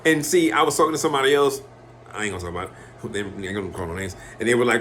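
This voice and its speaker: A man talks in a loose, rambling monologue, heavy on swearing. His pitch sits in the middle range, and he drops into other voices to act out quotes. A faint hiss of noise runs under the recording. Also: very animated, fast, sharp tone.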